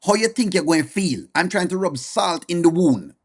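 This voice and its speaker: Hosting a live reaction stream, a man with a high-sitting, breathy-edged voice talks animatedly at a moderate pace. He bluntly calls out viewers by name and restates his points to drive them home in casual commentary.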